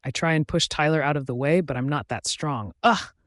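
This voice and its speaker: A man narrating a first-person romance audiobook in a steady, even reading on a close microphone. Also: on the high side, fairly quick, no echo.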